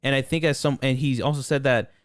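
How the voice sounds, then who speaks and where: A young man chatting loosely on a podcast, circling his points with restarts and swearing. His voice is smooth and clear. The sound is dry and close. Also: mid-range voice, fairly even intonation, fast talker, dry recording. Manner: rambling, swears a lot, many restarts. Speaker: podcast co-host. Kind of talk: casual chat.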